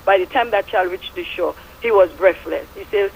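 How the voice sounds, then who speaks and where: A woman's voice: mid-range voice, moderate pace, creaky, husky, poor audio. A middle-aged woman with a Statian Caribbean English accent, calling in to a radio show and giving fervent, preachy testimony with biblical references. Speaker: radio caller. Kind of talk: impassioned call-in testimony.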